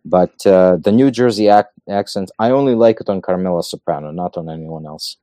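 A man talks in a low, dark, mellow voice. He builds his points in emphatic lists. The sound is close and dry. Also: fairly quick, no echo. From Macedonia. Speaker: guest. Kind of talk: casual podcast conversation.

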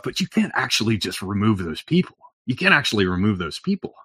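Low-voiced rambling male podcast guest. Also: very animated, quick pace, few pauses, fairly bright tone, breathy edge, no echo, clean studio sound. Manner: rambling, frequent fillers and restarts, profane. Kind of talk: long-winded conversational monologue.

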